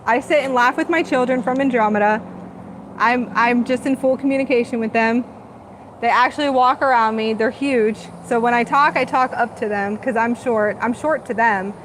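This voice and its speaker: Female host, rather high voice, dreamy and gushing channeling talk, faint hiss behind. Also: moderate pace, rough recording. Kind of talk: live spiritual channeling talk.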